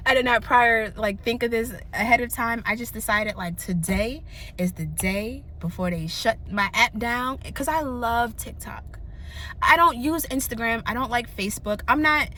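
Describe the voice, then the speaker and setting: A young woman vlogging in candid casual chat, animated and slangy, often laughing. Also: on the high side, measured pace.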